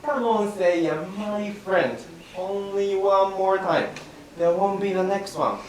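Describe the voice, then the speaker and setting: A man's voice: sits high, slow, darkish tone, distant mic. A man doing Kiko, a sheepish pleading young man. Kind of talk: rakugo storytelling. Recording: very echoey room from afar, faint hiss.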